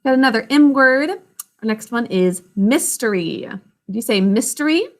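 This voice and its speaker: A woman teaching a children's spelling lesson, sounding out words letter by letter and syllable by syllable in a slow, patient way. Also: fairly high pitch, lively intonation. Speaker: literacy teacher.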